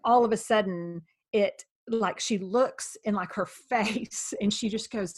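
Animated woman telling a family story. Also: mid-range voice, unhurried. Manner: animated, acting out quoted dialogue. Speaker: podcast host. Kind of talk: casual storytelling chat.

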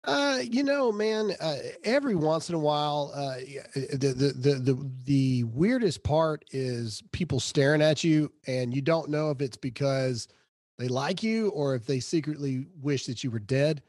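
A man as a podcast guest, chatting casually, halting, with frequent restarts. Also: fairly high pitch, darkish tone, no echo, studio quality. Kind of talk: casual chat.

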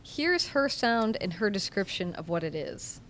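A woman's voice: mid-range voice, expressive, unhurried, a little hiss or hum. A woman hosting a podcast who introduces listener sounds and reads their letters in an upbeat presenter manner. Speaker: podcast co-host.

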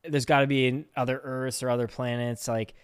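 A man's voice: mid-range voice, little pitch movement, a little fast, clean tone, no room sound. Young man, podcast co-host, laid-back rambling chat, dry close sound. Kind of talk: casual chat.

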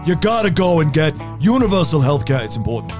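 A man's voice: a little high, very animated, fast, music in the background. A man doing an impression of an older politician, lecturing in a hectoring, exasperated way.

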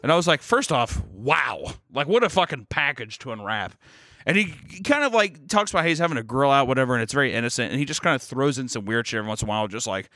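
Guy on a podcast telling a crazy neighbor story, bright lively voice, swears a lot, dry close sound. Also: medium pitch, fast, no echo. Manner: animated, swearing, acts out voices in stories. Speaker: podcast co-host. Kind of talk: casual storytelling chat. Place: studio.

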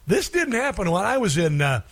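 A man hosting a talk radio show, speaking in a sarcastic, halting monologue full of fillers. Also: sits high, very animated.

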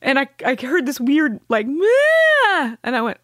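A woman, a podcast guest, telling a painful personal story candidly, with halting restarts and blunt swearing. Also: sits high, no room sound, studio quality.

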